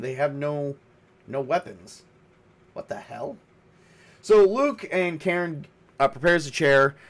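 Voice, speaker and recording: A man narrating a solo tabletop role-playing game, thinking aloud casually with lots of fillers. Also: fairly high pitch. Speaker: game master and solo player.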